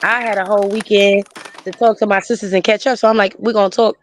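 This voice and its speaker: A woman's voice: mid-range voice, steady tone, quick pace, a little hiss or hum. A woman recounting a painful memory in a casual conversation, speaking bluntly and emotionally and swearing freely. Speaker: friend sharing memories.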